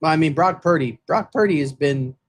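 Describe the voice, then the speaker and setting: A man's voice: fairly high pitch, normal speed, breathy edge. A man co-hosting a football podcast, talking in casual chat with lots of fillers and restarts. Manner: rambling, many fillers and restarts. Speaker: podcast co-host.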